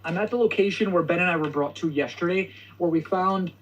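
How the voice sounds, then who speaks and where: A man's voice: high-pitched, fairly quick, distant mic, over a noisy crowd, poor audio. A young man hosting his video, retelling a story in a hesitant way that stutters and restarts. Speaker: video host. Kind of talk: storytelling vlog. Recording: video playing from across the room.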